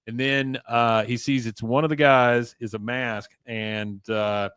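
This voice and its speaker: A man co-hosts a live podcast, walking through a cartoon episode scene by scene in a relaxed, chatty way. He drops into quick, loose versions of the characters' lines as he retells them. His voice sits in a dry, close room with no echo. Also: medium pitch, smooth. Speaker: podcast co-host. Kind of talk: casual recap of a cartoon episode.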